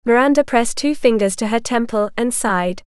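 A woman reads an audiobook in an even, measured storytelling manner. Her voice is smooth and clear, sitting a bit high. The recording is close and dry with no room sound. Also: no room sound. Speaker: audiobook narrator. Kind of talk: scripted narration.

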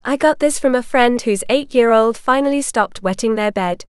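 A woman voicing a gruff, cruel middle-aged woman who talks down to people with a sneer. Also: a little high, normal speed, no room sound, clean studio sound, close to an everyday voice.

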